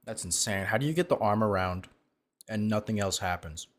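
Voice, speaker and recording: A male host reacts to a clip he is playing. His voice sits somewhat low. He keeps up a stream of sarcastic, mocking remarks. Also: lively intonation, normal speed.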